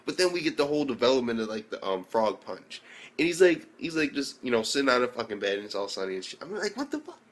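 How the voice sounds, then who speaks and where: A man's voice: medium pitch, animated, quick pace, fairly bright tone. Profane, rambling male anime reviewer. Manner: profane, rambling, acts out scenes. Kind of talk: casual video review.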